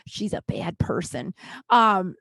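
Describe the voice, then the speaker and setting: A woman comedian hosting her podcast, telling a story in a rambling, swearing, filler-heavy way and jumping into high, animated voices for the people she quotes. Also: slow, no echo. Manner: swears freely and bluntly. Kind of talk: casual comic storytelling.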